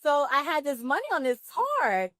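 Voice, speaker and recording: Animated woman telling her story. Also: high voice, normal speed, no room sound, studio quality. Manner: animated, acts out dialogue with laughs and exclamations. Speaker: guest actress. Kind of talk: storytelling in a live interview. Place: live pop-up event at a film festival.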